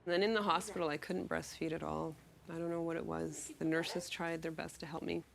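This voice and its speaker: Low, gravelly-voiced outspoken woman. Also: level tone, a little fast, slight background noise. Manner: outspoken and loud. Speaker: interviewee, new mother. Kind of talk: documentary interview. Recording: music playing under the voice.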